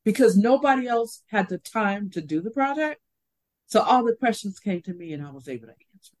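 An older woman tells a story in a casual chat, her voice rising and falling as she plays out each person in it. She keeps an easy, conversational pitch and a relaxed, unhurried flow. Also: low-quality recording. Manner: animated storyteller, acts out quoted voices. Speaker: podcast co-host.

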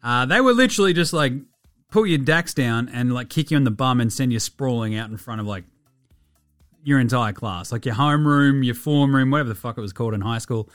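An Australian man hosting a casual sports podcast, animated, swearing freely and laughing often. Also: medium pitch, fairly quick, no echo, clean studio sound, faint music behind. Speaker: podcast host.

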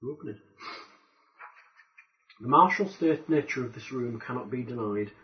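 Man narrating as game master, lo-fi. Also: medium pitch. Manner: measured descriptive reading of room text. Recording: dull lo-fi recording.

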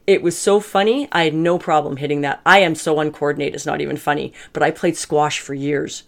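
A woman's voice: low-pitched, steady tone, a little fast, creaky. A middle-aged woman giving a casual motivational talk to camera, candid and chatty, laughing often as she goes. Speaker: self-help vlogger.

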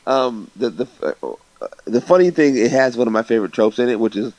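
A man in casual movie review chat as a podcast co-host, animated and mocking, acting out scenes. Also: mid-range voice, a little fast, no echo, rough recording. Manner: animated, mocking, acts out scenes in raised voices.

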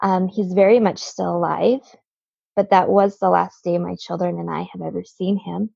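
A woman in her thirties tells her own story as a podcast guest, in an earnest way that keeps checking in with her listener. Her voice has a gravelly fry to it. The audio is dry and a little dull, with no room sound. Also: on the low side, steady tone, moderate pace, warm tone, dry recording. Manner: earnest, checks in with frequent "right?". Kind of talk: personal storytelling.

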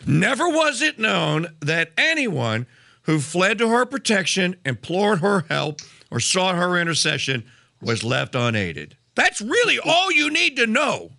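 A man hosting a faith interview show, talking in a halting way with lots of fillers. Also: high-pitched, huge pitch swings, gravelly, pushed and bright. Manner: halting, many fillers and restarts. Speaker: host. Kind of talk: podcast interview.

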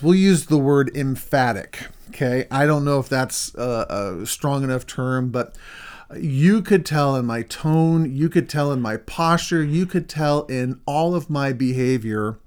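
A middle-aged man, a counselor, telling a story in a casual conversation with his wife, animated when he reenacts things. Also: mid-range voice, takes it slowly, clear, resonant tone.

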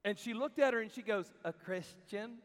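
A man preaching a sermon to a crowd in a large hall, telling stories in an animated way and acting out the people he quotes. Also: very high-pitched, fast. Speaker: camp speaker. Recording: long hall reverb.

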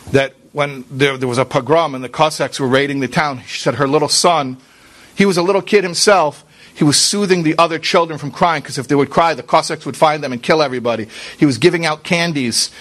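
A man teaches as a rabbi in an earnest, conversational sermon, his voice sitting somewhat higher than most men's. He speaks straight to his listeners with rhetorical questions and sprinkles in Hebrew and Yiddish religious terms. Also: fairly bright tone. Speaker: rabbi giving a Torah class.

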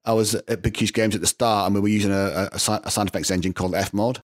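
A middle-aged man with a Northern English accent talks as an interview guest. His voice sits on the low side and he speaks very fast, telling animated stories and breaking into laughs. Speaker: guest composer. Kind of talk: casual interview talk.

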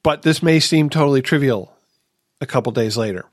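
A man's voice: mid-range voice, brisk, no echo. A man with a mid-range voice hosts a recovery podcast in casual conversation. He tells personal stories earnestly and asks himself rhetorical questions. The close, dry mic leaves no sense of a room. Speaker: podcast host.

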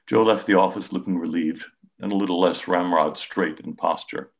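A man, a psychiatrist, calmly narrating a patient case in the first person with measured storytelling. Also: low-pitched, gravelly. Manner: calm, measured storytelling, softens when speaking gently.

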